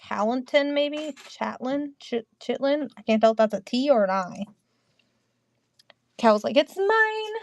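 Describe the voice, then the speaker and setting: A woman hosting a casual live-selling stream, chatty and quick to laugh while she talks about items. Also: on the high side, a little mellow. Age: adult, mother of a teen. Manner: giggly, chatty, laughs often.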